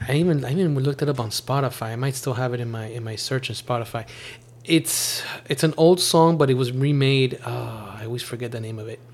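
A man hosting a casual chat at home, talking in an animated, rambling way with many restarts. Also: mid-range voice, brisk. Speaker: podcast host. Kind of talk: casual chat reviewing a TV series.

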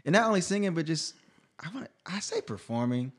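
This singer-songwriter, a man in his thirties, talks quickly in a voice on the high side as he narrates his life in a casual interview. He's animated, laughing often and backing up to restart sentences.

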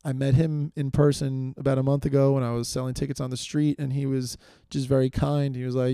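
A man's voice: medium pitch, little pitch movement, fairly quick, dark tone, smooth, no echo, studio quality. A man from New York hosting a solo podcast, rambling with lots of fillers and self-deprecating asides, tired as he goes. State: tired, fading energy. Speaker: podcast host.

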